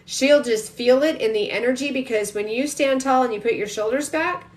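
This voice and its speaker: A woman with a high-sitting voice gives an intuitive energy reading during a casual phone livestream. She talks quickly and emphatically, speaking straight to her viewers.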